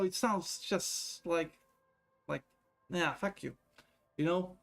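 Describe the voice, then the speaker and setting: A man's voice: a little high, slow, creaky, long pauses, fairly bright tone. Laughing, rambling male streamer. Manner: rambling, profane, laughs often, reads chat aloud. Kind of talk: casual live-stream chat.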